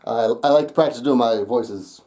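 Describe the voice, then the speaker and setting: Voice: medium pitch, moderate pace, mellow. A young adult vlogger telling a rambling story straight to camera, laughing often and swearing casually.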